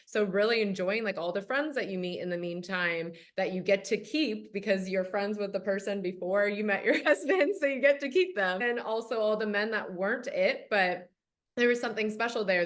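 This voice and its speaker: A woman's voice: mid-range voice, a little fast. A woman hosting a podcast, chatting casually in an enthusiastic, encouraging way and laughing often. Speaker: podcast host. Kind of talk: casual chat.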